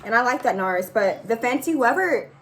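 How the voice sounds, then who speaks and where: A woman's voice: a little high, expressive, moderate pace. A young woman chatting while she does her makeup at home, telling a story and laughing often. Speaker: vlogger doing makeup. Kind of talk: casual chat with a sister. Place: a room at home with music playing. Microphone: phone or camera, no microphone. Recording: music loud in the background.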